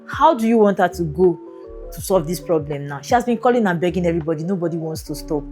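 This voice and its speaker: A woman hosts a chatty podcast and reads listener letters aloud. She breaks into laughter between passages. Her pitch rises and falls widely over soft background music. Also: expressive, quick pace. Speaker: podcast host.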